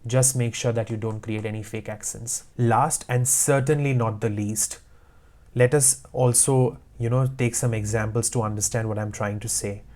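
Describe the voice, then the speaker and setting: A man's voice: mid-range voice, fairly even intonation, normal speed, darkish tone. A man teaching IELTS speaking tips, giving direct, emphatic advice in short repeated commands. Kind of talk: instructional talk to camera.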